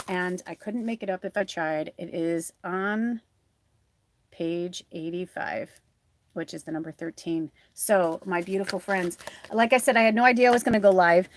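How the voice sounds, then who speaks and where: A woman's voice: fairly low pitch, steady tone, moderate pace, no echo. Chatty woman giving a live card reading. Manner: rambling, chatty, many fillers; earnest and encouraging to viewers. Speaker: tarot reader and spiritual medium.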